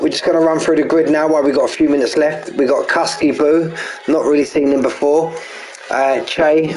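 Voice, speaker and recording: A man's voice: mid-range voice, darkish tone, rough recording. A man with a Cockney accent hosting a sim-racing league live stream, chatting casually and greeting viewers by name.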